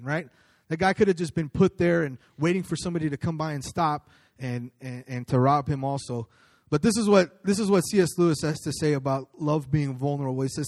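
A man's voice: a little high, a little mellow, no echo, studio quality. A man preaching a sermon in a conversational storytelling way, with fillers and restarts as he recounts a personal story. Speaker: pastor.

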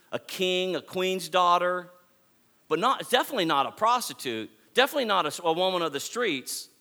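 A man's voice: sits high, bright, forceful tone. A man preaching a sermon to his congregation, emphatic and repetitive, building points through repeated phrases. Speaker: pastor.

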